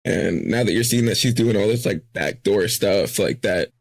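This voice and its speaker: A man's voice: on the low side, moderate pace, creaky, no echo. A man co-hosting a podcast in casual chat, loose and filler-heavy, acting out quoted dialogue along the way. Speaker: podcast co-host.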